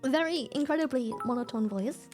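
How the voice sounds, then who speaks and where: A woman's voice: sits high, brisk, over music. A young woman streaming while sick, chatting candidly and swearing freely as she explains her voice. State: sick, slightly hoarse. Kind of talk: casual stream chat.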